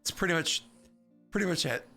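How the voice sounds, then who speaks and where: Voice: medium pitch, lively intonation, fairly quick, bright, forceful tone. Casting note: a laughing, self-deprecating game master on a voice call, faint music underneath. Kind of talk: casual chat over a voice call.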